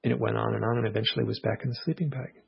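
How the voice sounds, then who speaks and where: A man with a gravelly, husky edge to his voice talks through a personal story as an interview guest. He is earnest and reflective, acting out his own thoughts in quotes. The audio sounds muffled and low-fidelity. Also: flat delivery, very fast. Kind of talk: casual conversational storytelling.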